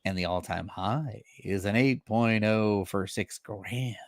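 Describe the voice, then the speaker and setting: A man's voice: lowish voice, slow, no room sound. Dry-sounding man co-hosting a chat show. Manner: relaxed banter, reads out sales figures. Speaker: co-host. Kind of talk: casual chat.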